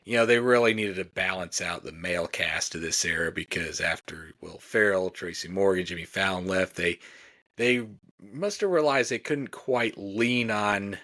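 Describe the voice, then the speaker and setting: Deep-voiced male podcast co-host. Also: normal speed, sharp tone. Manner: rambling, many "like" and "you know". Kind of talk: casual chat recapping sketches.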